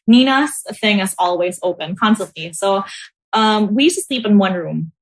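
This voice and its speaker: A woman from the Philippines, telling stories as a podcast guest in a casual, animated way. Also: mid-range voice, normal speed. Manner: animated, laughs often, acts out quoted voices. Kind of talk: casual storytelling. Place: home.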